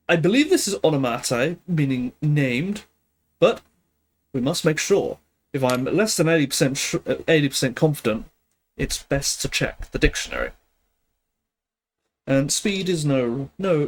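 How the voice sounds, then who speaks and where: A little high in pitch, this man is a streamer learning Greek. He muses aloud unhurriedly over a language exercise during a live stream, tentative and correcting himself along the way.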